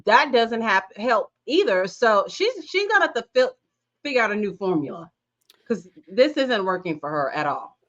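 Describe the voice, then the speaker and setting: A woman co-hosting a casual chat, blunt and profane, swinging between flat asides and loud outbursts. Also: medium pitch, normal speed. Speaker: podcast co-host. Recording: dull lo-fi sound.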